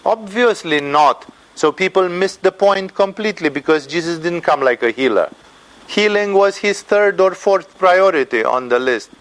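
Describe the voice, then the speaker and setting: A man giving an informal spiritual lecture as a teacher, animated and conversational, tagging his points with "no?" and "you know". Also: sits high, moderate pace, poor audio. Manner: animated, acts out quoted voices, tags "no?" and "you know".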